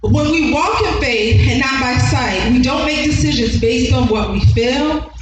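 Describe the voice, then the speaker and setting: A woman's voice: high-pitched, measured pace. A middle-aged woman preaching a sermon with emphasis, repeating key lines and chuckling between points. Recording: echoey hall, distant mic, music underneath.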